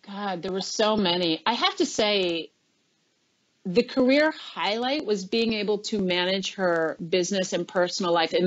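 A middle-aged woman who used to be a chief of staff tells animated stories in a webinar interview, acting out the lines people said. Her voice is lowish, and the audio is dull.

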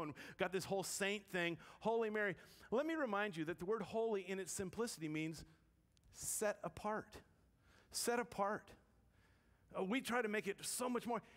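A woman pastor giving a conversational, joking sermon in a church, often putting questions to the congregation. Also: on the low side. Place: church sanctuary. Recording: long church reverb.

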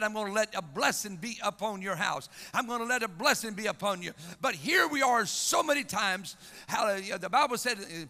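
High, gravelly Southern preacher in a hall. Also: male voice. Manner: fervent preaching, halting repetitions and shouted rises. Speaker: pastor. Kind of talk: revival sermon. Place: church sanctuary. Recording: reverberant church hall with organ music.

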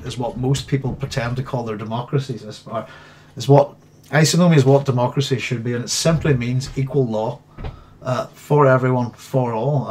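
A man's voice: mid-range voice, a little mellow, slight background noise. A man with a Northern Irish accent hosting a live stream, chatting casually and reading viewer comments aloud. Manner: chatty, reads viewer comments aloud and hums between them. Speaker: host.

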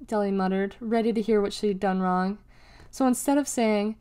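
A woman reads a children's novel aloud at a middle pitch. She lifts her voice for the characters' lines and drops it to a whisper at times. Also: normal speed. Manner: expressive, acts out dialogue with raised pitch and whispers. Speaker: reader.

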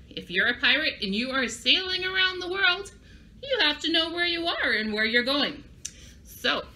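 A woman's voice: a little high, pushed and bright. A woman librarian giving a children's craft and story lesson, upbeat and speaking directly to young kids.

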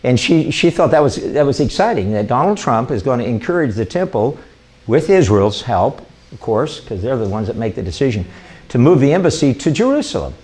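An older man, an evangelist, talking through an informal, rambling sermon with excitable enthusiasm. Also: medium pitch, fairly quick. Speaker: evangelist hosting a ministry show. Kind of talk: informal sermon talk to camera.

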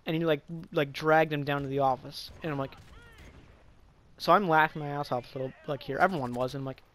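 Young adult male storyteller, slightly high voice, loose and profane, filler-heavy delivery. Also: steady tone, brisk, fairly bright tone, slight background noise. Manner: rambling, profane, lots of fillers. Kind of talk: casual storytime vlog.

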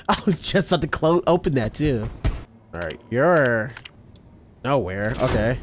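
A man streaming a horror game, trash-talking the characters with loud outbursts and frequent laughs. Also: mid-range voice, animated, unhurried, soft background music. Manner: laughs often. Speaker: gaming streamer. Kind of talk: casual let's-play commentary.

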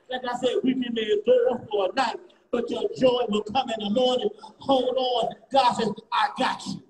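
A man preaching a fervent sermon as a guest bishop, repeating refrains and rising to shouts. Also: very high voice, little pitch movement, moderate pace. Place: church sanctuary. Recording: echoey church, distant mic, faint noise.

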